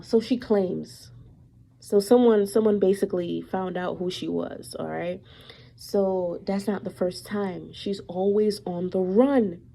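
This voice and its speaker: Slow-talking woman with a gravelly voice. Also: mid-range voice, a little hiss or hum, poor audio. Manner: animated, repetitive, emphatic with many fillers; suspicious, accusatory tone about her mother. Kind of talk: casual storytelling monologue.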